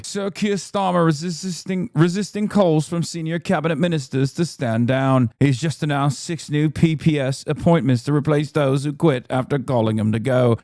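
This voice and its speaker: A man putting on a British accent to play a grave, brisk male TV news reporter with a formal newsreader cadence. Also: mid-range voice, dark tone, no room sound, studio quality, close to an everyday voice. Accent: put-on British.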